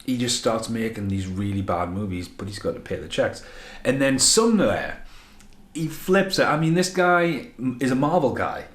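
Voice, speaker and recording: A man giving an unscripted, rambling film review, excitable and full of swearing. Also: medium pitch, moderate pace. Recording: echoey room.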